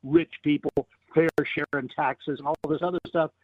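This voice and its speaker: A man's voice: a little high, fairly even intonation, moderate pace, no room sound. A man appearing as a radio guest, making opinionated, emphatic points. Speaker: guest columnist. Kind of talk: phone-in interview. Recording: tinny phone line.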